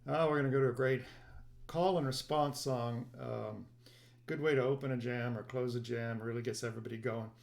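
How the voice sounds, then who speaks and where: A man hosting a ukulele play-along, explaining each song in a soft, casual way with quick bursts and fillers. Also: medium pitch, steady tone, vocal fry. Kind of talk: casual instruction between songs.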